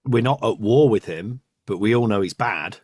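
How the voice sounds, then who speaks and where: A man's voice: lowish voice, moderate pace, a little mellow, dry recording, studio quality. A man hosting a podcast, chatting casually, often laughing and trailing off. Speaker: podcast host. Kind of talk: casual chat.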